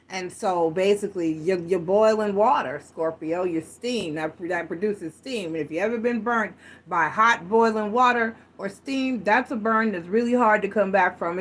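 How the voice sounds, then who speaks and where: A woman giving a casual tarot reading to camera, chatty and rambling, often correcting herself as she goes. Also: fairly low pitch. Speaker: tarot reader.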